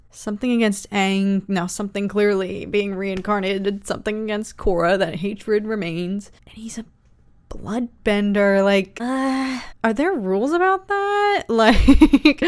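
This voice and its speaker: A woman hosting a reaction video, talking casually with excited exclamations and frequent stammered restarts. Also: medium pitch.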